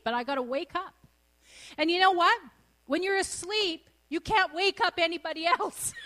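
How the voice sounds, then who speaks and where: A woman's voice: extremely high pitch, pushed and bright. A middle-aged woman preaching a sermon, exuberant and laughing often as she speaks.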